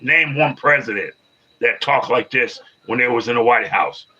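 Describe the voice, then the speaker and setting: Man, fifties, live-stream host; bright, forceful tone; loops phrases, answers chat combatively; dull lo-fi sound. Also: medium pitch, moderate pace, husky. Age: 50s. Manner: repetitive, restarts phrases, argues back at commenters. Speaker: livestreamer.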